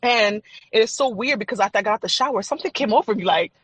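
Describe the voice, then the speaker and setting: A woman's voice: fairly high pitch, quick pace, fairly bright tone, slightly rough, dry recording, rough recording. A woman guest on a podcast, a faith and trauma coach, telling her personal story in an earnest, candid, chatty way. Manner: earnest, candid, chatty with frequent fillers and laughs.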